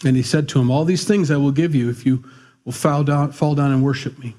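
A middle-aged male pastor preaching a conversational, animated sermon with asides. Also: mid-range voice, fairly quick.

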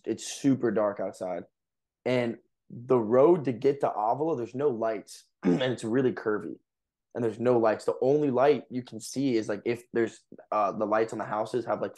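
A man's voice: medium pitch, darkish tone. A young man on a podcast telling a story in a casual, rambling way, full of fillers and laughs. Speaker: podcast co-host.

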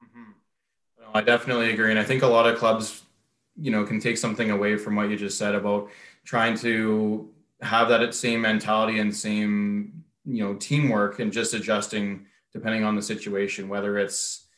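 A man with a lowish voice hosts a podcast, agreeing warmly with his guest and leading into open questions. He speaks at an easy, relaxed conversational pace, and the recording has a roomy, echoey sound. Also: moderate pace. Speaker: podcast host.

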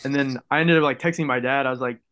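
A young man, a college football player, talking casually in a podcast interview, telling stories in a relaxed way and saying "like" often. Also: mid-range voice, fast talker. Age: young adult. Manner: relaxed storytelling, heavy use of "like".

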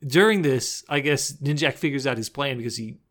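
Podcast co-host, male, mid pitch, giggly, narrates a film recap with quick character impressions. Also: fairly bright tone. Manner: laughs often, recounts scenes with quick impressions. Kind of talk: casual movie recap chat.

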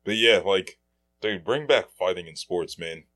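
A man's voice: sits low, animated, unhurried, a bit bright. A man co-hosting a casual sports podcast, laid-back and slangy, often saying dude and man.

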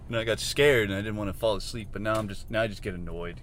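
A young male vlogger rambles casually and jokingly while driving, telling loose, profane stories and acting out his own reactions. His voice is on the low side and fairly bright, and he talks very fast with hardly any pauses. Faint car and road noise can be heard inside the vehicle.

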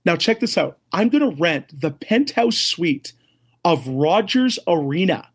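Middle-aged guy guesting on a show, husky kinda high voice, super animated storyteller doing everyone's voices. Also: a little slow. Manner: animated, acts out quoted voices, laughs often. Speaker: ministry leader, interview guest. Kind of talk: excited storytelling in an interview.

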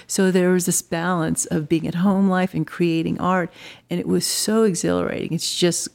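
A woman with a very low voice and a lot of vocal fry talks as an interview guest. She tells her story in a chatty, casual way and often restarts her sentences. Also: fairly quick, a little mellow.

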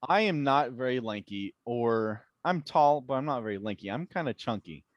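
Relaxed young man, dry close sound. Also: medium pitch, moderate pace, no echo, muffled recording. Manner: relaxed and self-deprecating. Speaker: guest cosplayer. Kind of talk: casual chat.

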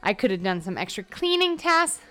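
Young woman hosting her own podcast, tired, rambly with lots of ums, smooth clear voice. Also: mid-range voice, big pitch swings, normal speed, a bit bright. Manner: rambling, self-interrupting with fillers. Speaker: podcast host. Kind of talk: casual solo podcast monologue.

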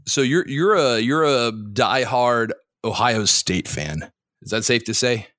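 A man's voice: medium pitch, lively intonation, takes it slowly, fairly bright tone, no echo. A male podcast host in casual chat whose voice sits in an ordinary middle range. He pokes at his co-host with teasing, probing questions, often restarting mid-sentence. The recording is close and dry, with no room sound.

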